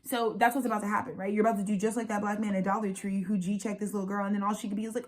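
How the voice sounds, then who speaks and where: A young woman in her twenties rants through an unscripted spiritual vlog, her speech fast, profane and emphatic. She circles back to repeat her points, piling on "baby" and "like" as she builds momentum. Her pitch sits in an ordinary middle range for a woman. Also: level tone. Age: 20s. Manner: rapid, profane, emphatic and repetitive. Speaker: astrologer and spiritual channeler.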